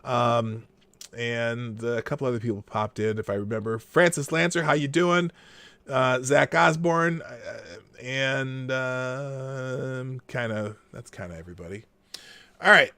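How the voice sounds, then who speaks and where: A man's voice: mid-range voice, a little slow, bright, forceful tone, clean tone, dry recording. A man hosting a casual live-stream commentary show, sarcastic and rambling, reading news articles aloud between asides.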